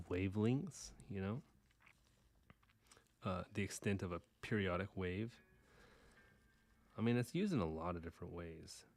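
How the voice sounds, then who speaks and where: A man's voice: sits low, a little mellow, no echo. A man from Houston with a slight Texas accent, rambling casually and self-deprecatingly while drawing on a live stream. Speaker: livestream artist.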